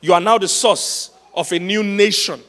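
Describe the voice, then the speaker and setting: A man's voice: sits high, fairly even intonation, moderate pace, a bit bright. A man preaching a sermon as pastor, telling stories with laughs and repeating his key points for emphasis. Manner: storytelling with laughs, emphatic repetition. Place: large church hall. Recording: long hall reverb.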